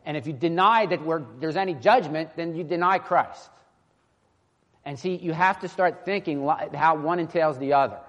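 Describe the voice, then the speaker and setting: A man's voice: on the high side, moderate pace, fairly bright tone, highs cut off. A young man preaching a sermon in an earnest, impassioned way, often restarting his sentences. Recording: long hall reverb.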